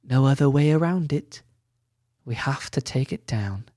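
Guy playing a no-nonsense elf lady mayor, firm and plain, slow and steady. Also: medium pitch, no room sound, studio quality.

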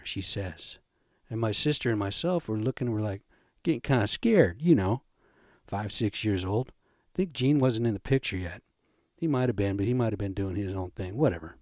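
A man's voice: fairly low pitch, animated, normal speed, a little mellow, dry recording. Blunt older man telling stories, dry. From Indianapolis, USA. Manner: blunt, swearing, shifting pace while acting out quotes. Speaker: podcast host. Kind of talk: profane storytelling monologue.

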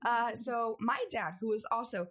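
Young woman on a podcast telling a story, fairly high voice, lots of big jumps when she does other people. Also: moderate pace, breathy edge. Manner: animated, acts out family members with big pitch jumps. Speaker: podcast co-host. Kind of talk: casual storytelling.

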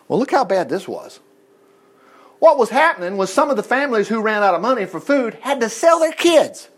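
A male preacher delivers a sermon with a fairly high voice that swings widely up and down. He retells scripture in a folksy, animated manner, dropping casual asides to the congregation.

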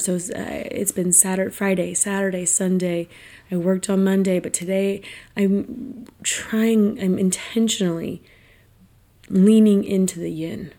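A woman in her thirties with a medium-pitched, dark voice hosts a podcast, delivering a casual monologue. She's chatty and reflective, saying "like" and "right?" many times.

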